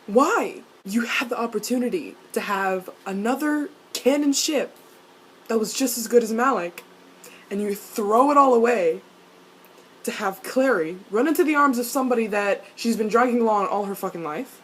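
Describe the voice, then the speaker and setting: Excitable swearing woman fan vlogger. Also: moderate pace, slight background noise, low-quality recording. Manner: excited, swears often, jumps up in pitch and loudness. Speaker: vlogger reacting to a TV episode. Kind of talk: fan reaction rant.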